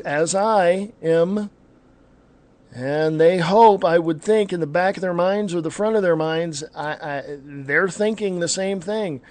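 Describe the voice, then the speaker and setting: Guy with a highish voice ranting on his radio show, blunt and combative, backs up and corrects himself, dry close mic. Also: darkish tone, dry recording. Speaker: talk radio host. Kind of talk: ranting opinion talk show.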